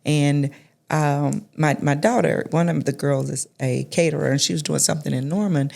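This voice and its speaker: Casting: middle-aged woman, gravelly, reflective interview guest. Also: low-pitched, fairly even intonation, moderate pace. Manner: reflective, soft-spoken, many restarts. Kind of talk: conversational storytelling.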